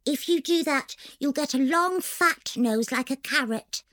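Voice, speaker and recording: A woman's voice: high voice, a little slow, fairly bright tone, no echo, studio quality, pitched above the performer's own voice. A woman voicing a bossy, self-satisfied little girl who lectures other children and thinks she is perfect. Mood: prim, lecturing.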